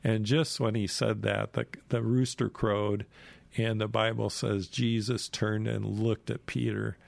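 A man's voice: on the low side, little pitch movement, unhurried, gravelly, no echo. A man retelling a Bible story informally, conversational and full of "you know" asides.

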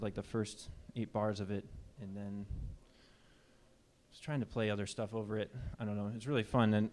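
A man, a jazz musician, chatting casually from the stage between tunes, relaxed and rambling with fillers, a little out of breath. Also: on the low side, a little hiss or hum. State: slightly out of breath.

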